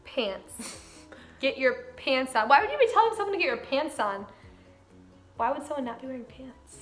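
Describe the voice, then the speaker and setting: A young woman with a fairly high voice chats casually, laughing often and firing off quick questions. Faint music plays in the background. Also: lively intonation. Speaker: vlog co-host. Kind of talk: casual chat.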